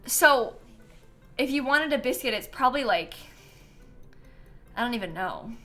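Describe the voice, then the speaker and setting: A young woman hosts a live game stream, chatting casually and reading out donations. Her voice is bright and a little high, and she laughs often and teases herself. Faint game music plays underneath. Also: expressive, a little slow. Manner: chatty, self-mocking, laughs often, reads donations aloud.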